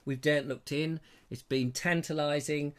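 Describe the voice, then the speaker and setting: A man's voice: fairly high pitch, fairly even intonation, normal speed. A British man hosting a live online show, casually reading viewer comments aloud with playful jokes and asides. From Britain. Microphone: lapel mic.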